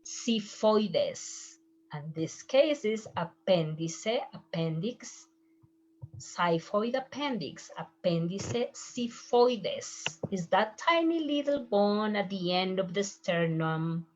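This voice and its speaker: A woman's voice: medium pitch, lively intonation, darkish tone, muffled recording, slight background noise. A woman whose first language is Spanish, teaching a medical Spanish lesson and repeating each term patiently. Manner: slow, patient, repeats terms for pronunciation.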